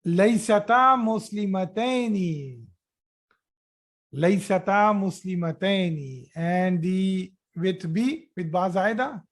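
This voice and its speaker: A man's voice: sits high, slow. A man teaching a grammar class online, repeating each phrase and praising students' answers. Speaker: Arabic teacher.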